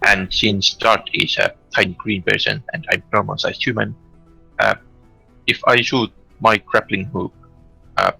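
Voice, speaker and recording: Male player, low gravelly voice, slow halting delivery. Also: fairly even intonation, pushed and bright, soft background music, poor audio. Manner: halting, many uh pauses. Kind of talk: casual tabletop game play.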